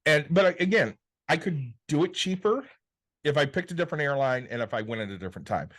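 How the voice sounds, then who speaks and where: A man's voice: a little high, expressive, quick pace. A man co-hosting a podcast in casual chat, blunt and exasperated, swearing often. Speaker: podcast co-host.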